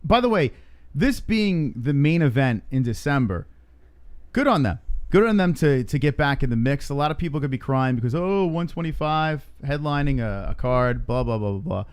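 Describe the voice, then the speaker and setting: A man's voice: medium pitch, animated, normal speed, clear, resonant tone. A man co-hosting a casual news chat show, teasing and bantering. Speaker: co-host.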